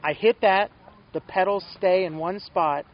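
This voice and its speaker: A man's voice: high voice, unhurried, muffled recording. A man from Texas giving a casual testimonial interview, talking with eager enthusiasm and rambling from one thought to the next. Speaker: shop customer and ambassador.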